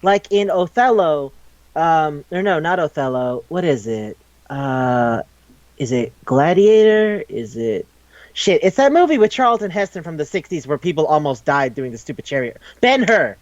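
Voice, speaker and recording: A man with a somewhat high voice talks casually on a podcast, rambling loosely, swearing and acting out quoted lines. The recording is dry and a little dull. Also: very animated, moderate pace, no echo. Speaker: podcast co-host. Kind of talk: casual chat retelling a manga.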